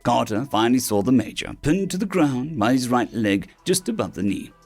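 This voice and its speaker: A male audiobook narrator reads science fiction with a lively, swinging delivery. His voice has a gravelly edge. Soft music plays quietly beneath the reading. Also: medium pitch, normal speed, few pauses. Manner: animated, puts on voices for characters. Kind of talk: scripted narration of sci-fi stories.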